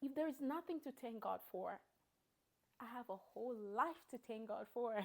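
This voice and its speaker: A young woman speaks in a high, bright register. She delivers a heartfelt testimony of gratitude. She drops soft and low in places, then rises into loud, laughing bursts. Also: normal speed. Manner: emotional and grateful, swings from soft and low to loud, laughing outbursts. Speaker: vlogger giving a personal testimony.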